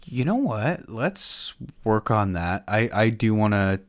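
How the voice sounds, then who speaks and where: A man's voice: lowish voice, very animated, slow pace, no room sound. A man hosting a podcast, chatting casually in a blunt manner and swearing freely. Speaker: podcast host. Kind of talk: casual chat.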